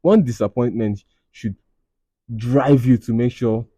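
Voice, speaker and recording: A man's voice: medium pitch, a little slow, dark tone, husky, no room sound. A man, hosting a podcast and reading confessions aloud in a casual, blunt, profane, teasing way. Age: 20s. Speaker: podcast host.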